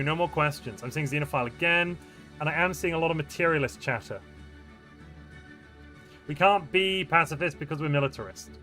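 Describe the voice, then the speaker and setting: Bright-voiced chatty male streamer. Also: on the high side, brisk, pauses often, faint music behind. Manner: chatty, answers viewer chat, playful and jokey. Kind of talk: live-stream chat while gaming.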